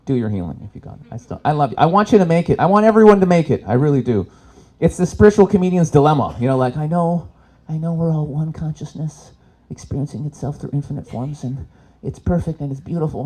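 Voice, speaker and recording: A man from Canada tells stand-up stories to a live crowd, his pitch swooping all over as he jumps into the voices of the people in his tales. His voice sits a bit high for a man. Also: fast talker, hardly any pauses. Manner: animated storytelling, acts out characters with voices. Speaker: stand-up comedian. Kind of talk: stand-up comedy set. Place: expo stage in front of a live audience.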